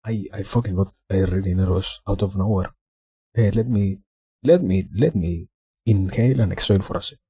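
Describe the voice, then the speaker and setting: A man's voice: deep voice, normal speed, warm tone, slightly rough, no room sound. A young man streaming live, chatting casually, flustered, swearing and laughing a lot. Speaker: livestreamer. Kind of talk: casual livestream chat.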